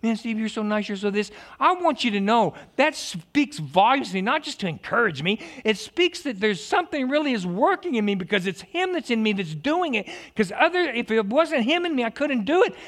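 Pastor guy preaching, high voice, lively, trips over his words a lot. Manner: animated preaching, stammering restarts and jokes. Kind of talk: sermon.

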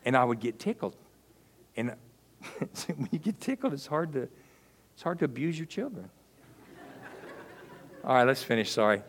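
Lively pastor, preaching animatedly. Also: male voice, medium pitch, moderate pace, pauses often, slight background noise. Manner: animated, swings from loud preaching to hushed confiding asides; humorous storyteller. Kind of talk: sermon with personal storytelling.

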